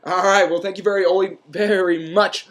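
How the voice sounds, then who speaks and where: A young male host delivers a comedic sports recap in a deadpan, mock-serious, self-deprecating style, full of ums and uhs. His voice is high-pitched and his pace moderate.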